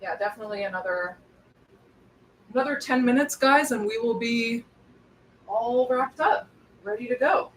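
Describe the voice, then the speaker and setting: A woman's voice: on the high side, normal speed, long pauses, slight background noise, poor audio. A woman hosting a cooking livestream from her home kitchen, chatting casually in a rambling way as she moves around, with cooking sounds behind her. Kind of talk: casual chat while cooking.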